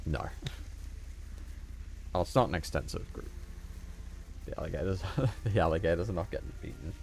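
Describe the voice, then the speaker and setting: A man's voice: low-pitched, moderate pace, long pauses, a little mellow, faint music behind. A man with a subtle Australian accent chatting and joking with viewers as he plays a game live. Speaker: gaming streamer. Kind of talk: casual live gameplay commentary.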